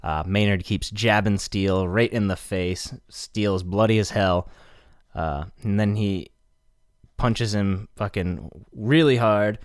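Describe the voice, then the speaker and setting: A man's voice: on the low side, slow, dry recording, clean studio sound. A man hosting a podcast, recapping a plot in a laid-back, casual way with casual swearing. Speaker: podcast host. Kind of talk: casual chat.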